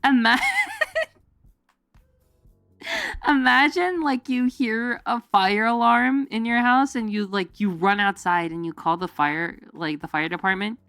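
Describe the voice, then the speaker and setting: A woman's voice: on the high side, lively intonation, slow, fairly bright tone, clear, resonant tone, dry recording, clean studio sound. A woman streamer chatting casually with her viewers, rambling with lots of fillers, giggling, and jumping into goofy quoted voices. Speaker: VTuber streamer. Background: faint background music.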